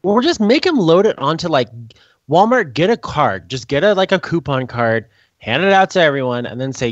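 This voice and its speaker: Man, podcast co-host, lively swooping pitch, acts out quotes high, dull lo-fi dry sound. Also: normal speed, dry recording. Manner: animated storyteller, acts out quotes in high squeaky voices. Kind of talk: casual chat, telling work stories.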